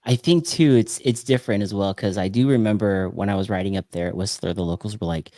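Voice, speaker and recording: A man's voice: on the low side, quick pace, few pauses, dry recording. Upbeat man host, dry close mic. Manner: laughs often, lively storytelling. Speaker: podcast host. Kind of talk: casual chat.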